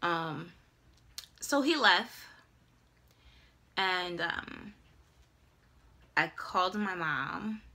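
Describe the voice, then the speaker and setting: A young woman in her twenties telling a dramatic, animated personal story in a casual vlog. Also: on the low side, extremely slow, pauses often. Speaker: vlogger.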